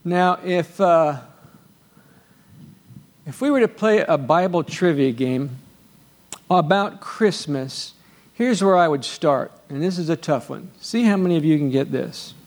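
High-voiced pastor preaching a sermon, quizzes the room, gets loud and soaring reading verses. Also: male voice, lively intonation, a little slow, pauses often. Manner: rises to loud exclaiming when reading scripture; asks the congregation questions.

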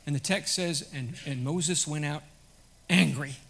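A man preaching a sermon to his congregation in a conversational way that swells to loud, emphatic peaks. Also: a little high, unhurried, creaky. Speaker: pastor.

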